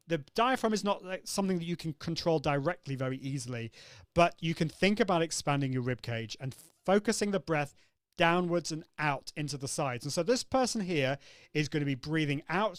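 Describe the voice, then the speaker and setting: A man's voice: a little high, no room sound, studio quality. A man hosting a live online coaching session, upbeat and demonstrative, acting out vocal exercises as he explains them. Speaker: host.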